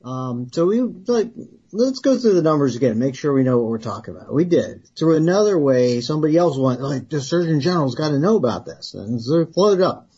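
Mellow, husky man telling a story. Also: fairly high pitch, fairly quick, lo-fi sound. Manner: animated storyteller who acts out quoted dialogue and laughs. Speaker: guest, retired Army researcher. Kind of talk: storytelling in an interview.

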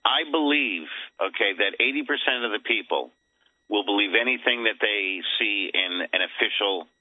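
A man's voice: on the low side, moderate pace, dry recording. A man calling in as a guest on a talk radio interview, lecturing emphatically and dropping "okay" between points. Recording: tinny phone line.

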